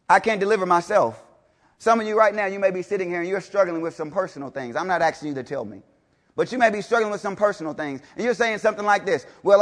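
A man preaching a sermon to a congregation, emphatic and repetitive, swinging between loud declarations and low, intense passages, with rhetorical questions.

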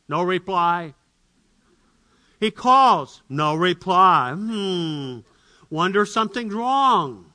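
Man, animated storytelling, high pitch, sharp bright tone. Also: measured pace. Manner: animated, acts out the characters. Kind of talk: storytelling illustration.

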